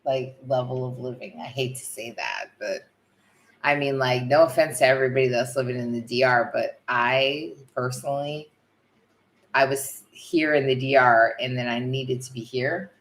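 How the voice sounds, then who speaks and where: A middle-aged woman from the United States chatting casually as a vlog co-host, animated and storytelling. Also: a bass voice, moderate pace. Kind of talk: casual live chat.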